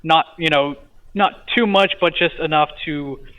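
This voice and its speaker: A man's voice: fairly high pitch, a little slow, pushed and bright. A man, a podcast guest, casually retelling a dream, hesitant with many fillers and a stutter he mentions himself. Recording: tinny phone-like line.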